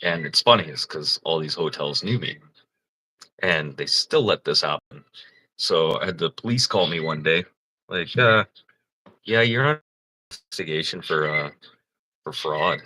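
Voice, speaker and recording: This livestream host has a bass voice, speaks a little slowly and pauses often, with a sharp tone. He laughs a lot while spinning casual, profane, meandering stories over poor audio.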